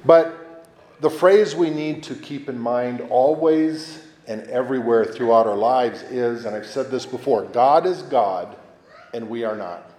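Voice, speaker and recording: Conversational priest in an echoey church. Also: male voice, mid-range voice, a little slow. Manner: conversational, animated, acts out quoted voices. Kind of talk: homily.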